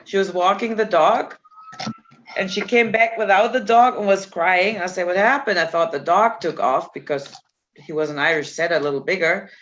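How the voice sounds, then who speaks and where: Woman, casual chat, blunt animated storyteller who laughs and swears a lot; dull lo-fi recording with faint hiss. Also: lowish voice, normal speed. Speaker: storyteller guest.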